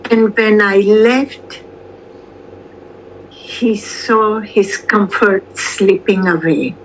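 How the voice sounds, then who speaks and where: An older woman answers an interviewer at an unhurried, deliberate pace, pausing between short phrases. Her voice sits in a middle pitch and stays calm throughout. A faint hum of ambience lies underneath. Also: rough recording. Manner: calm, measured, long pauses between phrases. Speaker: interview guest. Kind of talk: slow reflective conversation.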